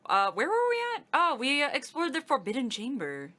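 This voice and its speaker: A woman's voice: sits high, sing-song, fairly quick, bright, forceful tone, a little hiss or hum. A woman co-hosting a let's play, chatting playfully and teasing as she comments on the game.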